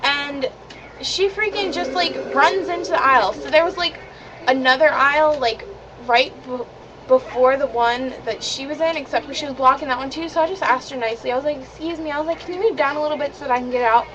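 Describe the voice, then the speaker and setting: A woman's voice: high voice, brisk. A teenage girl telling a story to the camera in a casual vlog, chatty and indignant, with lots of "like" fillers. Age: teens. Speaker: vlogger. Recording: dull lo-fi webcam audio with clear background hiss.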